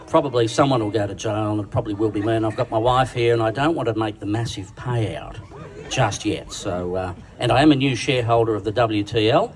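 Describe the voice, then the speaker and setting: On stage in a big function room at a dinner event, an Australian roast speaker delivers crude, bawdy jokes at his own expense while the crowd laughs. His voice is on the low side and fairly quick, captured from a distance under loud crowd noise.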